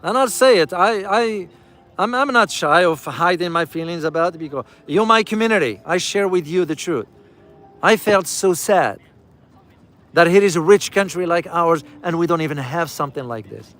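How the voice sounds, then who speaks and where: "Guys," he keeps saying to his viewers as he rides through a city, offering casual travel commentary and repeating key phrases for emphasis. The man's voice is high-pitched and a bit bright, with lively intonation at a moderate pace.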